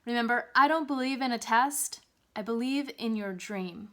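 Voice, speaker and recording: A woman teaching test preparation in an upbeat monologue, swinging her voice up and down to demonstrate. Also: moderate pace. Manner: lively, swings pitch up and down to demonstrate. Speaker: English test prep teacher.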